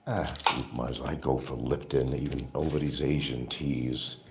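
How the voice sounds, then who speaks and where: A man's voice: extremely low pitch, flat delivery, measured pace, very noisy. An older man rambling in a casual, opinionated monologue to his viewers as a livestream host. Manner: opinionated, drifting, talks to viewers.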